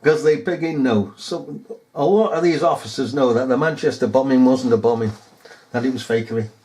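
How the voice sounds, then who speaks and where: A man's voice: mid-range voice, brisk, a little mellow. A man ranting in a rambling monologue, mocking and chuckling as he talks.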